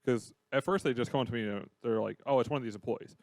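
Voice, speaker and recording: Podcast guy with a gravelly voice, dry close sound, wry story. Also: medium pitch, quick pace, no room sound. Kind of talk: casual chat.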